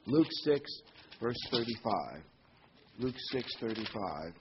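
A man's voice: fairly low pitch, sing-song, slow, muffled recording, a little hiss or hum. A man preaching a sermon in a conversational way, his voice lifting on key phrases.

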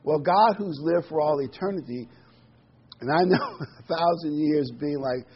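A man's voice: a little high, measured pace, husky, muffled recording. A middle-aged man giving a casual sermon, reading scripture and musing aloud with frequent ums and restarts. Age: middle-aged or older. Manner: conversational, rambling, many ums and restarts. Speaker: preacher.

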